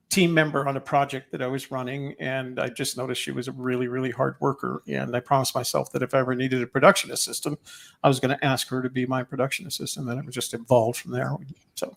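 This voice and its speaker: An older retired man from New Mexico with a neutral American accent, hosting a relaxed interview. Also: mid-range voice, fast, creaky. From New Mexico, USA. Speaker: interview host. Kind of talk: conversational interview.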